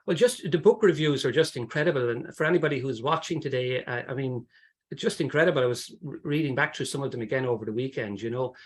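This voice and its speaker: A man's voice: medium pitch, fast, slightly rough. A man hosting a webinar interview, asking long, encouraging questions. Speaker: host.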